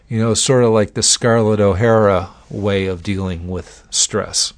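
A man's voice: fairly low pitch, flat delivery, unhurried, hardly any pauses, no room sound. A man giving an informal lecture on psychology and addiction in a folksy, conversational way. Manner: folksy, conversational, uses acted-out examples.

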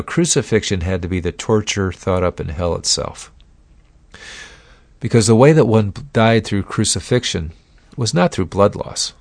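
A man preaching a sermon, telling the story dramatically and slowing down to stress key words. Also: fairly low pitch, no echo.

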